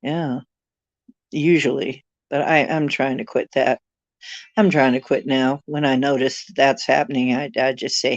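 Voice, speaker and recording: Low-pitched lady rambling and joking, dry dull lo-fi sound. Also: steady tone, unhurried, no echo. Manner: rambling, joking, self-deprecating. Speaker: livestream host. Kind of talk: casual chat with viewers.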